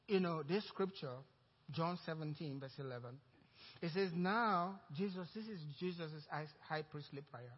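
A high-voiced pastor with a Nigerian accent preaches a story-driven sermon, acting out the lines of the people in it. His voice rings through a long reverberant hall, and the sound is somewhat dull. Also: normal speed, slightly rough. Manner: storytelling, acting out quoted dialogue, growing louder and more excited.

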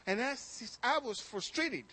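A male pastor preaches a sermon in a very high voice at a measured pace, with no echo in the recording. He relates personal stories animatedly, repeating words often and building in excitement.

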